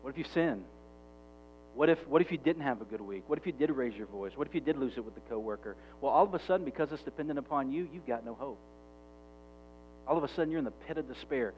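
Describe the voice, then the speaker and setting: A man's voice: medium pitch, lively intonation, quick pace, soft background music. Man preaching emphatically, lo-fi. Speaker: pastor. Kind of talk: sermon.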